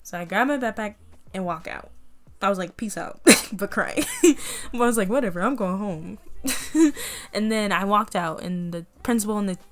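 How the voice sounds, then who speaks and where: A young woman casually telling a personal story to the camera, animated and often laughing as she acts out what people said. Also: mid-range voice, moderate pace, faint music behind. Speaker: vlogger.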